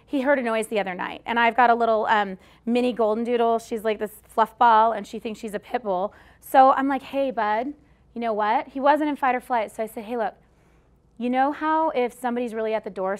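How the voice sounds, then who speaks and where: Woman presenter, slightly high voice, direct and conversational, keeps asking "okay?". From Australia. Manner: direct, chatty, often checks in with "okay?". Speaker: speaker at a workshop. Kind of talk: live talk to an audience.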